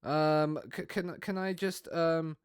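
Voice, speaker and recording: A man's voice: on the high side, fairly even intonation, slow pace, clean tone, dry recording, clean studio sound. A young man streaming a football management game, chatting casually with viewers in a rambling way. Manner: rambling, chatty, talks to viewers while playing.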